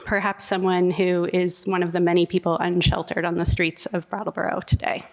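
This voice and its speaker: Female event host, low voice, echoing hall, plain announcing. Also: flat delivery. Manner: plain, friendly announcing with filler pauses. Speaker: event host from a local organization. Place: festival venue. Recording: long hall reverb.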